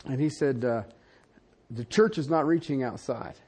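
An older man preaching a sermon, animated and conversational, with frequent asides to the congregation. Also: moderate pace, husky. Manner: animated preaching with wide swings in pitch and loudness, asides to the audience. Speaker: pastor.

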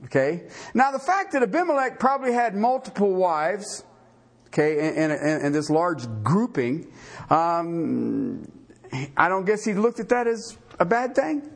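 A man's voice: high voice, big pitch swings, unhurried, gravelly. A man preaching a sermon to a live congregation, folksy and joking, often asking questions and stumbling over his restarts. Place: church before a live congregation.

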